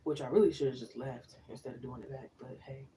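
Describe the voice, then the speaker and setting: A woman's voice: a bass voice, steady tone, fast talker, warm tone, far from the mic, low-quality recording. Woman, tarot reader, slangy chatty storytelling, laughs a lot, faint background hiss. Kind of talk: casual live-stream chat.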